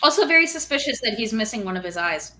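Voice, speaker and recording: A woman's voice: fairly high pitch, big pitch swings, quick pace, sharp tone, slight background noise. A woman who is a guest on a casual book club podcast, making observations and thinking aloud with restarts.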